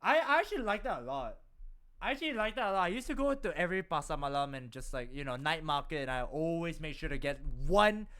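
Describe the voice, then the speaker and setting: A man's voice: on the high side, fast. A young man, chatting animatedly while streaming a game. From Malaysia. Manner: chatty, animated, laughs often. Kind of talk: casual gameplay commentary.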